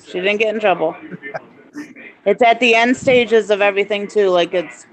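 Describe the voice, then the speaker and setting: A woman's voice: mid-range voice, normal speed, poor audio. A woman hosting a live stream, explaining things at length in a chatty, rambling way. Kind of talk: casual chat.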